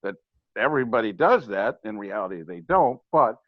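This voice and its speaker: A man's voice: on the low side, very animated, normal speed, dry recording. Older man explaining emphatically, lo-fi. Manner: emphatic, matter-of-fact explaining. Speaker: guest, former ballplayer and hitting coach. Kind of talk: casual podcast conversation. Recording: slightly dull, lo-fi sound.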